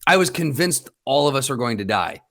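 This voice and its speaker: A man's voice: medium pitch, expressive, fairly quick, fairly bright tone. A man co-hosting a podcast in casual chat, speaking candidly and swearing freely. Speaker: podcast co-host.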